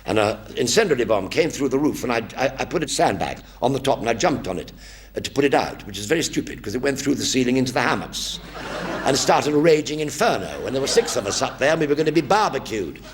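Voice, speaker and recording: A man's voice: medium pitch, quick pace. An older man telling wry wartime anecdotes on a theatre stage in a one-man show. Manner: lively, wry, acts out voices.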